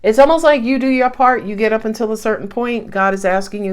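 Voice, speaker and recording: A woman giving a casual, animated tarot reading, laughing often and swearing freely as she talks. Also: a little high, fast talker, hardly any pauses, clear, resonant tone. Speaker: tarot reader.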